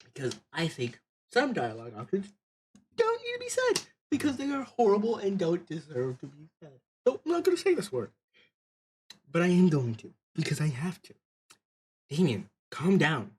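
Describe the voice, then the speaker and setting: A man streaming a story game, reading its dialogue aloud and commenting in an animated, profane, exasperated way. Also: sits high, moderate pace, a little hiss or hum.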